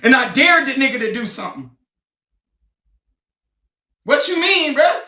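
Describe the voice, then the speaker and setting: A man in a heated, confrontational livestream rant, often shouting. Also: very high voice, lively intonation, a little slow, long pauses, far from the mic. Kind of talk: ranting livestream monologue. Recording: roomy, off-mic sound.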